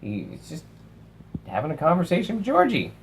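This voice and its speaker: A young man casually reviewing films, animated, swearing and acting out lines from movies. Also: on the high side, normal speed, vocal fry, very noisy. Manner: animated, swears, acts out quotes. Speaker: film reviewer.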